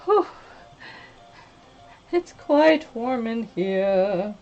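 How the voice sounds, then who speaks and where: A woman's voice: on the high side, big pitch swings, very slow, mellow, muffled recording. A woman streaming live while painting, chatting casually, laughing often and breaking into silly singing.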